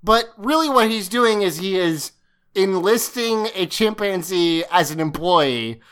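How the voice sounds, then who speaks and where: A woman's voice: medium pitch, expressive, unhurried, fairly bright tone, clean tone. A woman co-hosting a podcast, chatting casually, rambling and swearing as she recaps a scene. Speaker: podcast co-host recapping an episode. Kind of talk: casual chat.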